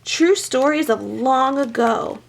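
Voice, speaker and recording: A woman voicing an eager little boy in a storybook read-aloud, quick and urgent. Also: sits high, creaky, full character voice. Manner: excited, urgent.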